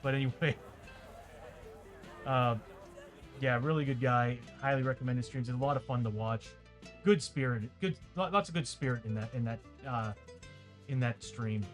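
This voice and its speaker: A chatty man runs a tabletop game on stream, rambling on to his viewers at a middling pitch. His throat sounds dry. Faint ambient music plays softly behind him. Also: moderate pace, long pauses. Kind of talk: casual livestream chat.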